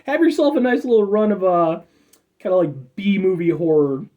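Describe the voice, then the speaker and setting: A man's voice: high-pitched, sing-song, normal speed, lo-fi sound. A man casually reviewing an energy drink, rambling and joking as he signs off to his viewers. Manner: rambling, jokey sign-off with repeated "folks".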